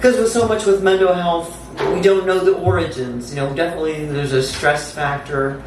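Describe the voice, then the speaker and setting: A woman poet giving a live reading with a slow, incantatory delivery, repeating words for effect. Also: on the low side, fairly even intonation. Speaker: featured poet. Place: theatre stage. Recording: echoey theatre, distant mic, faint hum.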